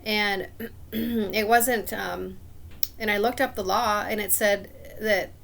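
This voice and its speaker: Woman, gravelly voice, casual rambling story, aggrieved and suspicious, frequent throat clearing. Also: mid-range voice, fairly even intonation, slow, a bit bright.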